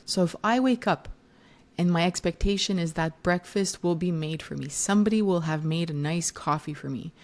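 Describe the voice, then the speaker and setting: A woman's voice: lowish voice, moderate pace, a little mellow. A woman in her thirties hosting a solo parenting podcast, talking conversationally, correcting herself and playing out quoted moms with animation. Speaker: podcast host and parenting educator.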